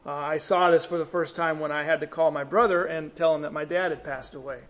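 A man's voice: fairly high pitch, fairly even intonation, a little fast. A middle-aged man preaching a sermon, reading scripture and explaining it with earnest emphasis. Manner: earnest, rising emphasis then quiet falls.

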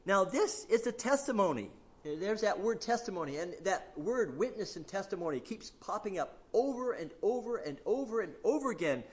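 Male preacher, high and animated voice, casual teaching tone with frequent fillers. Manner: conversational, many fillers and restarts, quotes scripture with emphasis. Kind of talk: expository Bible teaching.

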